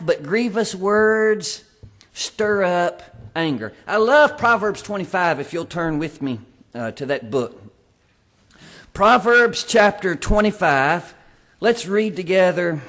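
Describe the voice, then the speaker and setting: A man preaching a sermon in church, emphatic, slowing down to stress key words. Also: high-pitched. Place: church sanctuary.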